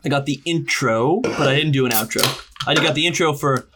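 A man's voice: fairly high pitch, brisk, noisy background. Rambling, joking male podcast co-host. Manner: joking, self-mocking, rambling with fillers. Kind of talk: casual comedic podcast chat.

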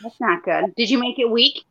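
A woman's voice: a little high, normal speed, bright, forceful tone, dull audio. A woman co-hosting over a video call, chatting in a bubbly, enthusiastic way. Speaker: co-host. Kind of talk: casual chat.

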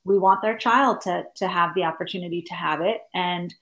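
A woman's voice: lowish voice, normal speed, a bit bright. A woman in her thirties, a guest in a casual interview chat, talking in a chatty, explanatory way with many fillers.

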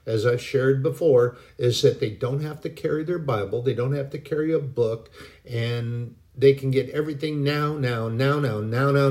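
Regular-pitched guy doing a laid back christian talk, rambly, lots of ums and restarts. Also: darkish tone. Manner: folksy, rambling, with many pauses and restarts. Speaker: Christian speaker. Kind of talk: casual devotional talk.

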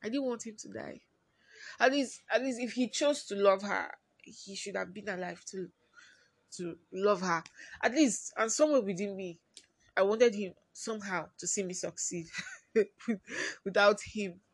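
A woman hosting her own podcast, talking through a personal story in a confiding way and often trailing off quietly. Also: medium pitch, unhurried, slightly rough, no echo. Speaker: podcast host.

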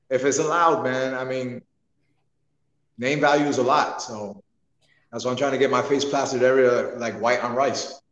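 A man's voice: medium pitch, fairly even intonation, unhurried, pauses often, fairly bright tone, dull audio. A man, a wrestler, chatting casually on a podcast and telling stories animatedly, laughing often. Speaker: wrestler guest. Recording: echoey room with long reverb.

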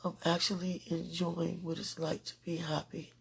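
A woman podcaster giving a slow, earnest, deeply emotional devotional monologue. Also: little pitch movement, creaky, breathy edge.

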